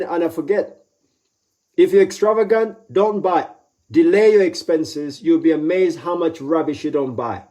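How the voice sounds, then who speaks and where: Male motivational speaker, somewhat high voice, emphatic, repeats key lines. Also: mellow. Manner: acts out quoted voices with pitch jumps. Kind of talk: live motivational talk.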